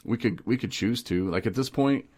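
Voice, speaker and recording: A man hosting a casual podcast, telling stories with animated energy, laughing often and slipping into voices. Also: medium pitch, moderate pace. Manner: animated storyteller who laughs and slips into voices. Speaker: podcast host. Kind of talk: casual recovery podcast chat.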